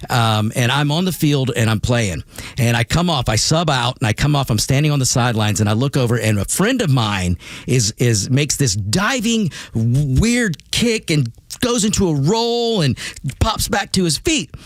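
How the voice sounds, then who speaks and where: A man hosting a talk radio show in a studio, delivering an animated monologue full of stammered restarts and repeated words. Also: medium pitch, moderate pace, no echo. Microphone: studio microphone.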